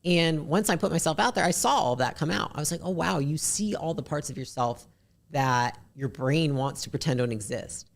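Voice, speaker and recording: A woman with a deep, raspy voice, a podcast guest talking bluntly and candidly, swearing casually. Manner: blunt, swears casually, talks fast in bursts.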